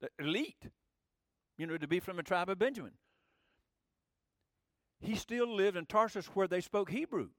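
A high-voiced man preaches in an easy, conversational way, often pushing up louder for emphasis. The sound is dry and close, with no room echo. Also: expressive, normal speed, long pauses. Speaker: pastor. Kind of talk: sermon.

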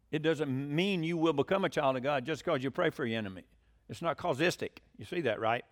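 A middle-aged man preaches a sermon. He shifts from loud, emphatic proclamations to quiet, conversational asides and keeps asking his congregation questions. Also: sits high.

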